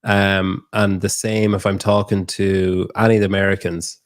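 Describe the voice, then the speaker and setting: A man's voice: low voice, little pitch movement, moderate pace, dry recording, clean studio sound. A young Irish man chatting casually, rambling and swearing freely, laughing often. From Ireland. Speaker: guest. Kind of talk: casual chat.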